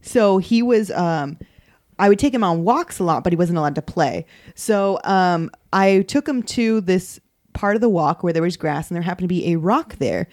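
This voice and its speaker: A woman's voice: lowish voice, animated, moderate pace, darkish tone, no echo, studio quality. A woman co-host in a casual podcast chat, chatty and rambling as she tells a story.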